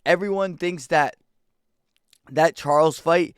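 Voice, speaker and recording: A young man giving a casual, excitable fight reaction, rambling in slang. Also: a little high, slow pace, clean tone, dry recording, studio quality. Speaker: MMA reaction YouTuber.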